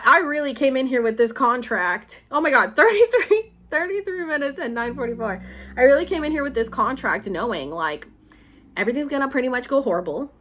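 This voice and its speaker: Woman in her thirties, casual vlog talk, slightly high voice, rambling, emotional, lots of "like". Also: fairly bright tone. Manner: rambling and emotional, heavy use of "like". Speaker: vlogger.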